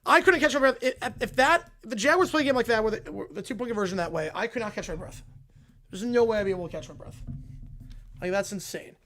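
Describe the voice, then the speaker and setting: A young man with a fairly high voice runs a live football reaction stream from his home desk. He reads viewer messages aloud, excitable and rambling, as he talks into his desk mic. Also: quick pace. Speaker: livestream host reacting to football. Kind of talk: live stream chat reading donations. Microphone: desk mic with headphones.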